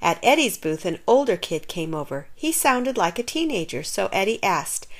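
A woman reading a children's picture book aloud with expressive storytelling. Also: mid-range voice, normal speed, few pauses. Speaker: narrator.

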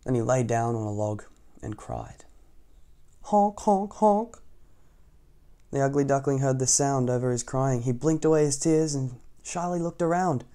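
A man reads a children's picture book aloud at a relaxed, everyday pace. His voice is warm and mellow, and he keeps breaking off the story for gentle asides to young listeners. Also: mid-range voice, normal speed. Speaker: storytime reader.

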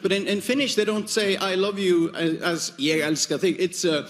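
A man with a high voice does a stand-up comedy set in front of a live audience, jumping into mimicry of foreign speech and swearing. The recording comes from a noisy live venue. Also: fairly even intonation, normal speed. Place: stage before a live audience.

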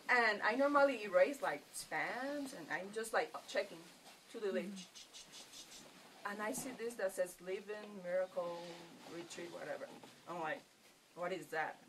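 Her pace measured and her voice mid-range, a middle-aged Puerto Rican woman recounts her personal testimony to fellow retreat participants. Storytelling is her mode: she acts out her own lines and frequently laughs. Captured on a far-off mic, the audio carries slight background noise.

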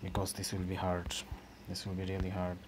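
A man's voice: sits low, completely flat delivery, fairly quick, noisy background. A young man commentating his football video game in frustration, swearing often and grumbling. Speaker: gaming channel host.

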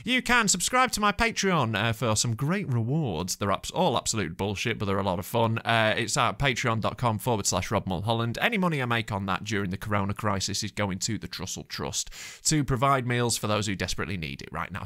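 A British man tears into his subject in a sweary, sarcastic comic rant. His pitch leaps all over the place. His tone is bright and cutting, and his delivery is exasperated throughout. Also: big pitch swings, brisk, slight background noise. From Britain. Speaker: stand-up comedian and podcast host.

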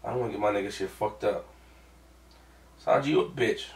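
A man hosting a manga reaction, ranting with profanity and swinging from mumbled recaps to yelling. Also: fairly low pitch, brisk. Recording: echoey room, far from mic.

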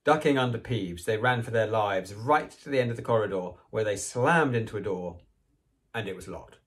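A man reading a children's novel aloud, with expressive, animated storytelling. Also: fairly low pitch, moderate pace. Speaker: reader.

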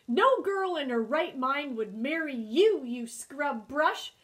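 A woman's voice: high-pitched, expressive, slow, a bit bright, exaggerated voice. A woman voicing a grumpy female beaver in a storybook, scolding sharply.

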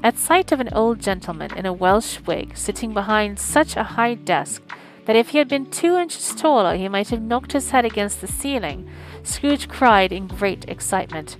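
A woman's voice: mid-range voice, normal speed, faint music behind, low-quality recording. Woman reading a classic story aloud. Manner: lively, expressive storytelling. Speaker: audiobook streamer.

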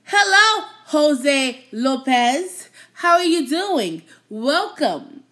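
A woman with a high, bright voice hosts a casual live stream. She chats with her viewers at an unhurried pace, teasing them playfully and laughing often. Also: big pitch swings.

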